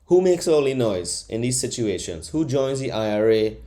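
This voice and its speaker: Male podcast host on a comic rant, mellow dark voice, brash, swears freely, mocks. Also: on the low side, normal speed. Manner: animated, profane, mocking voices in bursts. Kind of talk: comedic monologue rant.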